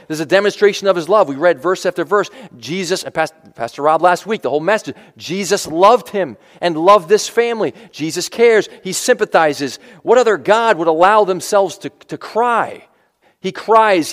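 Man preaching in a reverberant hall. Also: sits high. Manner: conversational preaching with asides and restarts. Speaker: pastor. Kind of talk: sermon.

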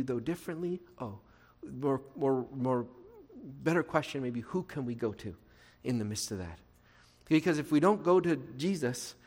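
Male pastor of medium pitch, preaching earnestly in a conversational style, heard in a big echoing hall. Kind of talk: sermon. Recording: reverberant hall.

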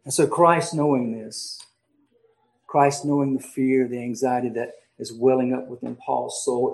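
A male pastor preaching an emphatic sermon, slowing down and swinging between loud stresses and quiet asides. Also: mid-range voice, low-quality recording. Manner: emphatic preaching with dramatic pauses and swings in volume.

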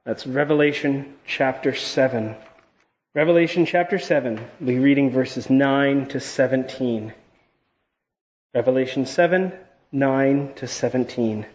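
Leading a church service, a male pastor reads scripture and then prays in an earnest, measured manner. His voice is mid-range, and the audio sounds dull.

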